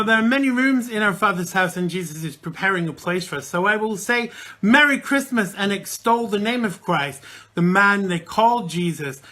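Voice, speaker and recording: A man's voice: high-pitched, bright, forceful tone. A man hosting a live call-in show, chatting casually and greeting listeners one by one with jokes. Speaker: radio show host.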